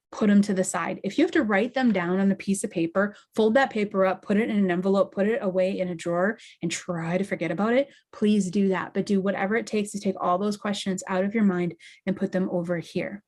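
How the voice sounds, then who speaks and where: Woman slowly coaching her listeners. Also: medium pitch, fairly even intonation, darkish tone. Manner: slow, deliberate, emphatic instruction. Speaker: podcast host and intuitive medium. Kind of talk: guided teaching monologue.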